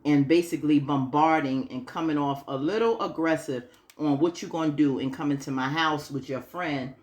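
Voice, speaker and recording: A woman's voice: low voice, moderate pace, darkish tone. A woman chatting casually through a TV episode recap, acting out the characters' lines with frequent laughs. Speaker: TV recap vlogger.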